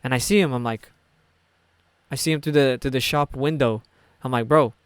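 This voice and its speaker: A man's voice: mid-range voice, normal speed, smooth, dry recording. A young man casually telling a story, rambling and swearing as he goes. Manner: rambling, profane, full of "like" and restarts.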